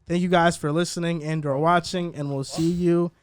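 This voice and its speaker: Guy with a pretty high voice running a sports podcast, dry close sound, keeps the segments moving. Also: flat delivery, moderate pace, no room sound. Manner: steers the segments and signs off the show. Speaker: podcast host. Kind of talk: casual sports podcast banter.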